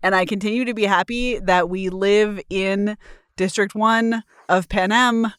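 A woman on a podcast panel gushes in a quick, playful patter. Her voice is smooth and clear. It is recorded close and dry, with no room sound. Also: medium pitch, steady tone, no echo. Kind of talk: casual chat.

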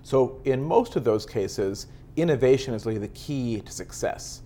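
Male author guest, earnest and measured, mid-pitched, slight background hum. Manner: earnest, explanatory, steady. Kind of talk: measured interview answers.

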